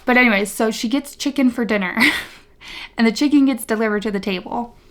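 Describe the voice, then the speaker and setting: A woman's voice: fairly high pitch, fairly quick. A woman, reviewing a book in casual vlog chat, sarcastic and exasperated, laughing as she rants. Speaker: book vlogger.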